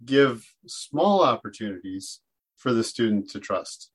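A man's voice: mid-range voice, expressive, measured pace, breathy edge. A man co-hosting a teaching podcast, explaining classroom ideas in an earnest, conversational way and acting out things he says to students. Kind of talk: casual educational discussion.

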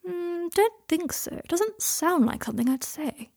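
A woman voicing a proud, anxious young man who is sharp-tongued and defensive, with fierce, high-strung outbursts. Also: lively intonation, a little slow, vocal fry, no room sound, clean studio sound, full character voice. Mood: guarded.

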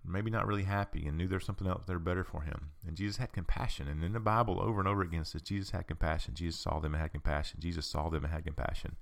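A man's voice: low-pitched, steady tone, rapid-fire, gravelly, hardly any pauses. A man hosting a podcast, giving a conversational teaching talk and repeating his points for emphasis. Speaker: podcast host.

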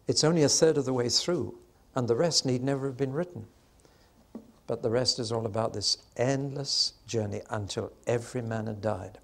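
Emphatic older man teaching the Bible. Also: medium pitch. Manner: storytelling, emphatic, slows for weight. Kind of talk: sermon-style Bible teaching.

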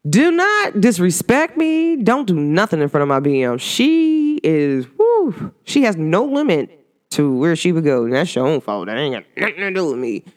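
Smooth-voiced woman in a rambling, animated vlog. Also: on the low side, moderate pace. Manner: animated, rambling, warmly emphatic. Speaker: vlogger. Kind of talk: casual heartfelt talk to camera.

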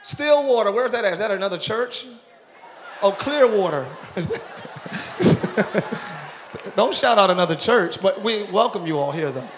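A man's voice: sits high, animated, unhurried, long pauses. A male pastor talking playfully with his congregation during a live church service, joking and welcoming visitors. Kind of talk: live sermon crowd work. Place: large church auditorium. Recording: live church hall with crowd noise.

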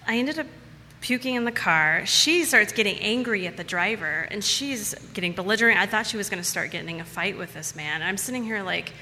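A woman's voice: mid-range voice, fairly quick, sharp tone, big-room sound, slight background noise. A woman telling a personal story to a live audience in a casual, chatty way, repeating words for emphasis.

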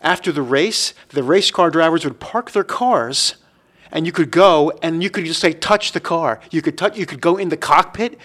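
A man's voice: fairly high pitch, moderate pace, fairly bright tone. A man on a casual podcast telling stories from his past. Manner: storytelling, reminiscing. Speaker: podcast co-host. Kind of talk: casual chat.

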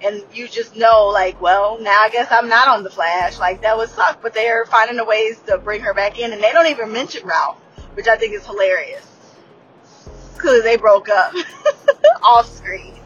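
A woman in her late thirties talks through a TV episode in a loose, profane way, laughing often and circling back on her sentences. Her voice sits a little high for a woman. The audio is slightly dull and lo-fi, with faint music underneath. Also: normal speed. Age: late 30s. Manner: candid and profane, laughs often, trailing restarts. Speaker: TV episode reviewer. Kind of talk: casual unscripted recap.

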